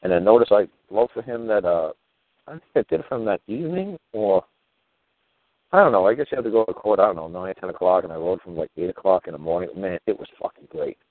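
A low-pitched, animated man talks fast, hosting a show and telling rambling stories in a casual, profane way, dropping "you know" and "man" throughout. The recording is dry and has a tinny, phone-line sound.

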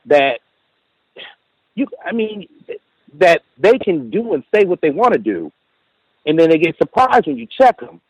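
A man's voice: fairly high pitch, husky, dry recording, poor audio. A man calling in to tell a story from work, acting out the lines of others and often saying "you know". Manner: animated retelling with quoted dialogue, frequent "you know". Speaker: caller. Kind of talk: casual storytelling.

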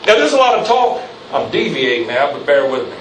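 A man preaches a fiery sermon from the pulpit, his fairly high voice climbing as he presses his points and calls for amens. The sound is roomy and distant, with faint hiss behind it. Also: sing-song, fairly quick, fairly bright tone. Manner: preaching with rising intensity, calls for amen. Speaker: pastor. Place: church sanctuary. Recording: echoey church, mic from afar.

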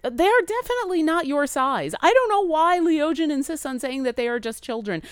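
A woman voicing an eager, flustered female bird-folk bard who talks in rapid, excitable bursts. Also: dry recording, studio quality. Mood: earnest. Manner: rapid, excitable, high-pitched chatter.

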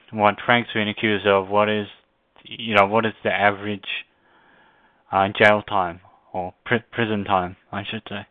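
A man on a community call, asking questions in a hesitant, halting way, often repeating words as he searches for them. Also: fairly low pitch, dry recording. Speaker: caller. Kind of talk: casual chat. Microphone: phone or call line. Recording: tinny phone line, dry.

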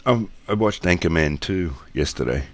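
Very deep-voiced Australian man. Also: expressive, moderate pace, dry recording. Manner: crude, joking, sweary. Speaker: podcast co-host. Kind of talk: casual chat.

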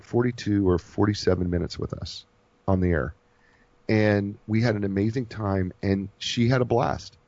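A man's voice: fairly low pitch, darkish tone, no room sound, highs cut off. A man co-hosting a radio show in casual chat, rambling and effusive, often stumbling and repeating his words. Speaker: radio co-host.

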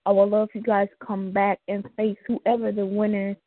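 A woman's voice: mid-range voice, level tone, normal speed, no echo. Woman hosting a call-in show, tinny. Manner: upbeat, laughs often, loose slang. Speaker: radio show host. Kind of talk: casual live call-in hosting. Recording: tinny phone-like call audio.

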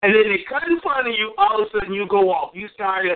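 A man preaching a sermon, swinging between high exclamations and low asides and repeating phrases for emphasis. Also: animated, fast talker. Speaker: pastor. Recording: tinny phone-line sound.

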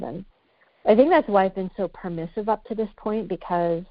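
A woman's voice: medium pitch, fairly quick, no room sound. A woman talking candidly as a podcast guest, reflective and searching for her words. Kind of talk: candid casual conversation. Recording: muffled, dry, lo-fi.

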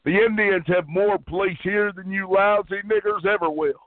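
A man's voice: high voice, fairly even intonation, moderate pace, no room sound. A man hosting a prank call show, taunting and abusive in a sneering rant. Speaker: radio show host making prank calls. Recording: phone-like line with faint music.

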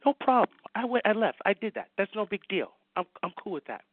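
A man guest on a radio talk show, telling anecdotes with excitement and acting out the dialogue. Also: high voice, brisk, few pauses, no room sound. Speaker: guest writer. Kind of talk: animated storytelling in a radio chat. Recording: dry, phone-like line.

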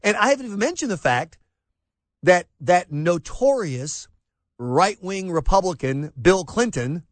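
Sarcastic talk radio man, high and lively. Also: unhurried, no room sound. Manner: sarcastic, emphatic and rhetorical.

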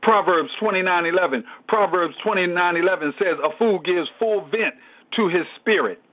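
High-voiced preaching man on a tinny line. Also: moderate pace. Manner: repetitive call-and-response preaching with exclamations to God. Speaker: pastor. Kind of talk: Bible study preaching. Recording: narrow tinny phone-line sound.

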